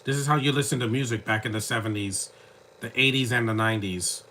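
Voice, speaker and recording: Bright-voiced man giving movie commentary. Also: mid-range voice, quick pace, a little hiss or hum. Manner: rambling, joking asides.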